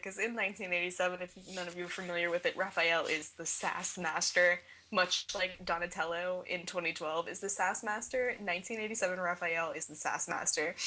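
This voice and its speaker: A woman's voice: medium pitch, pushed and bright. A young woman co-hosting a casual fan podcast, talking enthusiastically and laughing often as she recaps scenes. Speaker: podcast co-host.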